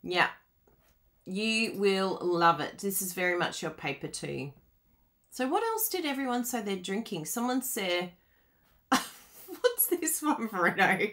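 Bubbly bright-voiced woman demonstrating crafts. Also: mid-range voice, big pitch swings, measured pace. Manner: chatty, laughs often, reads out viewer comments. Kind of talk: live card-making tutorial.

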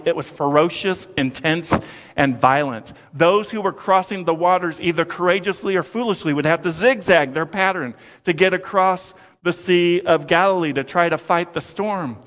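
A man in his forties preaching a sermon as pastor, with playful asides and animated storytelling. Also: a little high. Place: church sanctuary. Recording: long church reverb.

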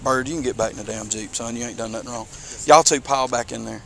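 A man's voice: mid-range voice, fast, vocal fry, fairly bright tone. A man with a Southern US accent, a police officer berating people at a roadside traffic stop, swearing often, recorded on a body-worn camera. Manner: angry, badgering, swears often. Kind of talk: confrontational talk at a traffic stop.

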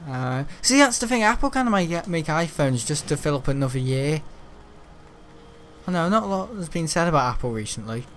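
A man's voice: on the high side, big pitch swings, fairly quick, a bit bright, a little hiss or hum. A man giving casual, rambling gameplay commentary, joking and laughing often. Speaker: gaming channel host.

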